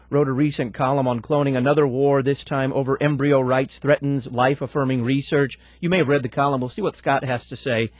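A man hosting a radio talk show, announcing upcoming segments and interviewing a guest in a smooth, practiced way. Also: mid-range voice, no room sound.

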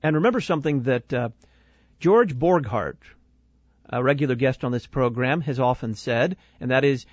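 Man, commentary host, measured, critical, muffled, no room echo. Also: medium pitch, lively intonation. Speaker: radio show host critiquing a sermon. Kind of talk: analytical commentary.

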